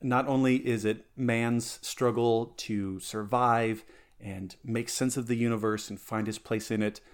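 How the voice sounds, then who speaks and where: A man's voice: medium pitch, fairly even intonation, measured pace. Rambling man telling a long joke. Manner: rambling, frequent restarts, voices characters in the joke. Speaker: podcast co-host. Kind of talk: casual chat, telling a joke.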